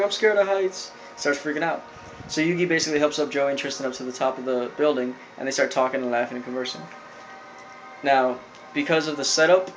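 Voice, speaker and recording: A man's voice: on the high side, a bit bright, slight background noise, poor audio. A young man giving a casual, rambling recap of a cartoon episode, full of fillers and "like". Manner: rambling, filler-heavy storytelling with lots of "like". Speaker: video reviewer.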